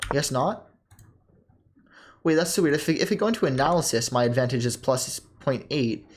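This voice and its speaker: A young man casually thinking aloud as he reviews his own chess game, often pausing with ums, correcting himself and laughing softly. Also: mid-range voice, lively intonation. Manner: halting, self-correcting, many ums and laughs.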